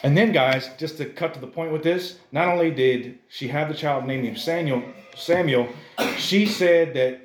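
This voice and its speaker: A man's voice: on the high side, normal speed, slight background noise. Guy preaching a chatty sermon at church, keeps saying guys, room echoes a lot. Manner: conversational, animated, keeps addressing the listeners as "guys". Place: church service.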